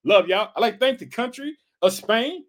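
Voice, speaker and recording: A man from Illinois preaching an energetic podcast sermon, fervent and repetitive, calling out to his listeners again and again. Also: extremely high pitch, moderate pace. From Illinois, United States. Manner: fervent, repetitive calls of "guess what" and "hallelujah".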